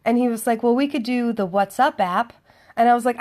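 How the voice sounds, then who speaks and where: In a fairly high-pitched voice and at a moderate pace, a woman vlogger shares a dating story. She keeps it chatty and sardonic, playing both sides of the conversation herself.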